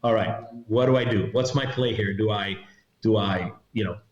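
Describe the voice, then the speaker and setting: A middle-aged man, a retired federal agent, recounting a story in a podcast interview as an animated storyteller who acts out what others said. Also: fairly low pitch, normal speed. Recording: roomy, slightly dull sound.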